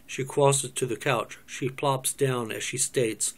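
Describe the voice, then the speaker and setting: A man's voice: medium pitch, steady tone, slow, hardly any pauses. A man reading stage directions aloud in a cold reading of a script. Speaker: script reader.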